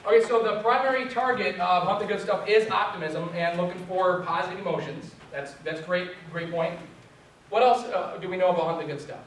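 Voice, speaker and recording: A young man telling a funny story to a group as a trainer, animated and self-mocking. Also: high-pitched, a little fast, a little hiss or hum. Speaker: resilience trainer. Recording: echoey room from far off.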